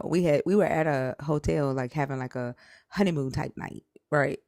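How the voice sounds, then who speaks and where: A woman's voice: sits low, vocal fry, a little mellow, dry recording, studio quality. A woman speaking as a live stream guest, telling a personal story in a blunt, emotional, rambling way and swearing freely. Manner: rambling with restarts and quoted outbursts.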